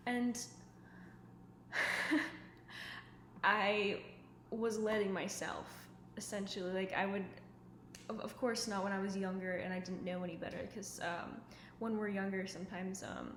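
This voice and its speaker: Speaking at a mid-range pitch, this woman keeps a steady, fairly bright tone and an unhurried pace, pausing often. She shares self-improvement tips on camera from her home in a casual, sincere way, filling her speech with "like" and "um." Her room echoes a bit and carries a faint background hum of ambient noise.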